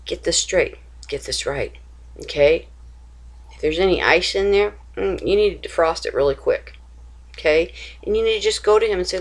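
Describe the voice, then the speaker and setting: A woman's voice: fairly low pitch, expressive, moderate pace, long pauses. Woman, religious video teacher, emphatic, repetitive, rhetorical questions, stumbling restarts. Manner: emphatic, repeats phrases, asks rhetorical questions; restarts and stumbles while searching for words. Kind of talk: informal religious exhortation to camera.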